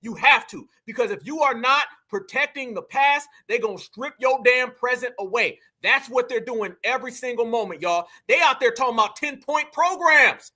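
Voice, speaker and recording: A man runs a heated political commentary show, hammering his points and repeating them to his viewers. His voice sits very high for a man. It has a piercing, bright edge. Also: animated, moderate pace, few pauses. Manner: emphatic, repeats points, keeps addressing the audience as fam and y'all. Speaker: commentary channel host.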